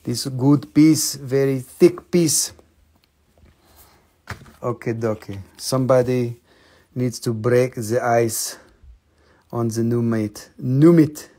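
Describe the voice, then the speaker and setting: An excitable man hosts a live crystal sales show from a shop, cracking jokes in broken English. His voice has a gravelly edge. His everyday pitch sits in the middle range. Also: slow pace, pauses often.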